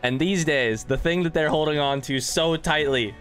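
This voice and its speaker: A man's voice: fairly high pitch, normal speed, fairly bright tone, faint music behind. A young man streaming a strategy game, casually chatting with viewers, reading chat aloud, swearing and bursting into frantic outbursts. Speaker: gaming streamer. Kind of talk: casual live-stream commentary.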